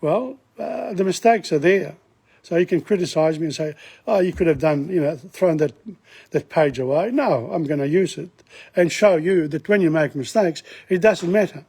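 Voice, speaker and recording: Older man, Italian accent, husky voice, slightly high pitch, casual teacher, recites verb tables. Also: normal speed, a little mellow. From Italy. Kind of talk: casual recorded lesson.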